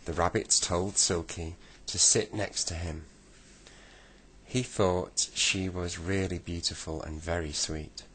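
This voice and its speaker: A man reading a bedtime story aloud, slow and deliberate. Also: low-pitched, fairly even intonation, a bit bright, husky.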